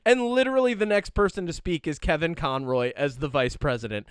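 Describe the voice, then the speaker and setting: Chatty man with a smooth voice. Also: on the high side, fairly quick, no echo, studio quality. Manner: animated, rambling with many "like" fillers and quoted asides. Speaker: podcast co-host. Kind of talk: casual chat.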